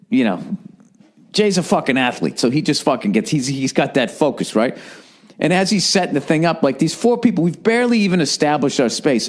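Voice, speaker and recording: A middle-aged man hosting a podcast, telling stories in a casual, profane, rambling monologue with acted-out quotes. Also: fairly high pitch. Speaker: podcast host.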